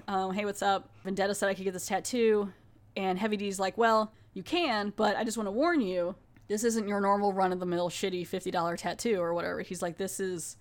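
Chatty woman recapping a TV episode. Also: mid-range voice. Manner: chatty, animated retelling with quoted voices. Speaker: podcast host reviewing a TV episode.

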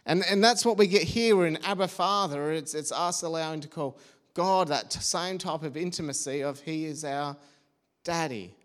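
A man with a slightly high voice preaches a sermon in an earnest, personal way. He keeps it homely, trips into small restarts and asides, then presses his point again. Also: moderate pace.

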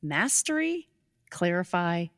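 A woman's voice: lowish voice, very animated, takes it slowly, fairly bright tone. A woman hosting a casual live stream on leadership, upbeat and enthusiastic and often laughing.

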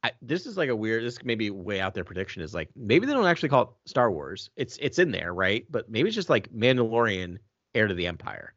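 A man's voice: lowish voice, big pitch swings, fairly quick, fairly bright tone, no room sound. A man co-hosting a casual fan podcast, with a delivery that slips into a newscaster style. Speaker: podcast co-host. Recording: dry, dull lo-fi sound.

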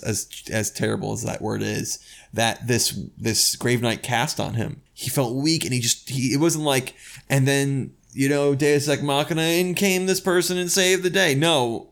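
A man's voice: medium pitch, vocal fry. A man co-hosting a podcast, talking about a book in a rambling, enthusiastic way and often restarting his sentences. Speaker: podcast co-host reviewing a book. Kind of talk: casual discussion.

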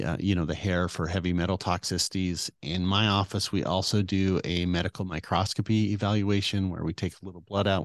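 A man's voice: deep voice, no room sound. A middle-aged man answering interview questions as a guest doctor, earnest and rambling with many fillers.

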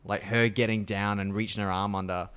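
A man's voice: on the low side, little pitch movement, a little fast, a bit bright, clear, resonant tone. A man co-hosting a podcast, casually retelling a horror film scene by scene and swearing freely. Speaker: podcast co-host.

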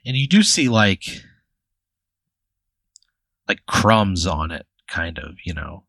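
A man narrates an improvised tabletop game as its game master, loose and chatty and full of "like" and "you know." His voice is fairly low and bright, with a forceful edge. It is recorded dry and close. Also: big pitch swings, slow, gravelly, dry recording.

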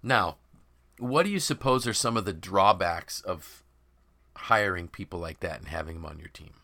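A man hosting a podcast, talking in an emphatic, animated way and voicing imagined people's quotes. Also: low-pitched, normal speed. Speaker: podcast host and author. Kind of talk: conversational podcast discussion.

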